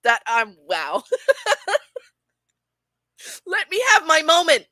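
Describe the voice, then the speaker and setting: A woman's voice: high-pitched, big pitch swings, takes it slowly, pushed and bright, dry recording. Giggly woman streaming with a dry mic. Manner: chatty, giggly, rambling with many fillers. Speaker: streamer reviewing videos. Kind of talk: casual live-stream commentary.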